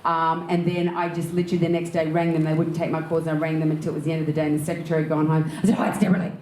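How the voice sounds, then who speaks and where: Rapid-fire and full of lively energy, an Australian actress and director laughs frequently as she tells anecdotes during an onstage interview. Her slightly low voice fills a reverberant room, where a faint background hum can be heard, and her storytelling is candid.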